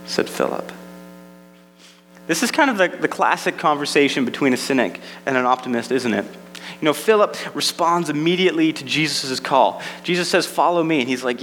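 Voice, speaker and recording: Guy giving a sermon in a big echoey hall, kinda high voice, chatty with lots of restarts. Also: fairly quick, a bit bright, soft background music. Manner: conversational, with repeated words and asides. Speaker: pastor. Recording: echoey hall with faint mains hum.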